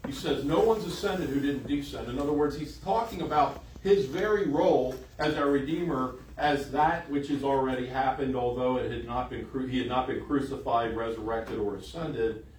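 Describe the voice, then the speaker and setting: Emphatic preacher in an echoey room. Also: male voice, mid-range voice, moderate pace, hardly any pauses, a little mellow, far from the mic, a little hiss or hum. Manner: emphatic, repeats phrases for emphasis. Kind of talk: sermon.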